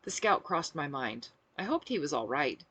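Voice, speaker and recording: A woman author reading her own novel aloud with expressive, animated narration. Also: low-pitched, normal speed, breathy edge, no echo.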